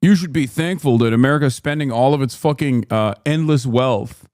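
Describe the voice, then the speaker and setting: A man's voice: medium pitch, normal speed, a little mellow, clear, resonant tone, no echo, clean studio sound. A male streamer giving heated, profane political commentary, mocking and ranting. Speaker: streamer host.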